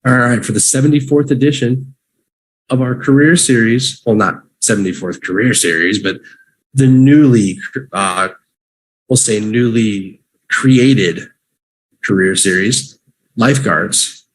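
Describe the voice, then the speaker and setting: A man teaching English vocabulary on a livestream, repeating each word slowly for learners to say with him. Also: medium pitch, slight background noise. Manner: slow, drawn-out repetition for learners.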